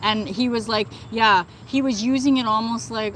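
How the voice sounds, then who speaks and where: A woman's voice: fairly high pitch, a little fast, hardly any pauses, fairly bright tone, slight background noise, low-quality recording. A woman hosting a casual livestream, speaking indignantly and answering viewers, with many fillers such as "like" and "you know". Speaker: livestream host. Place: outdoors, within earshot of birds and thunder.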